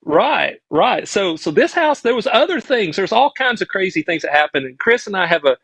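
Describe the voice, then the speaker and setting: A middle-aged man with a Southern US accent tells a childhood story as a podcast guest, earnest and rambling, often restarting his sentences. His voice sits a touch high for a man. The sound is dry and close, with almost no room echo. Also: big pitch swings, moderate pace, vocal fry, fairly bright tone, breathy edge. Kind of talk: casual storytelling on a live stream.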